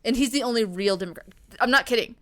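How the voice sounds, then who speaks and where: A woman in her thirties co-hosts a podcast in loose, rambling chat. Her voice sits a little high for a woman. She fills her talk with "like" and casual swearing. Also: fast talker, a bit bright. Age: 30s. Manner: chatty, rambling, swears, lots of fillers. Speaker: podcast co-host.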